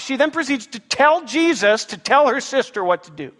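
A male pastor preaches in a high, bright, lively voice. He speaks to the congregation with playful asides. His voice rings around a large hall with a long reverb. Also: normal speed. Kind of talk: sermon.

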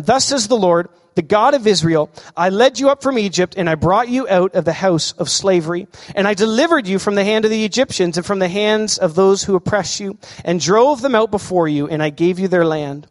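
A man with a high voice preaches a lively sermon, asking the congregation questions. His voice rings out with a long reverb in a large hall. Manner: animated preaching, asks the crowd questions. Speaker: pastor.

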